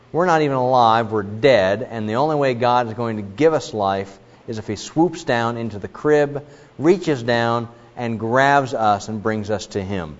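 A middle-aged man preaching a sermon as a pastor, earnest, telling stories with frequent fillers. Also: mid-range voice. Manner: earnest, with many fillers and illustrations. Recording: dull reverberant hall recording.

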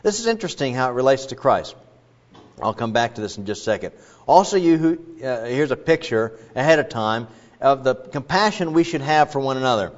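A man's voice: medium pitch, sing-song, a little fast. A man preaching an expository sermon in a conversational, digressive way with frequent asides. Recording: dull lo-fi recording.

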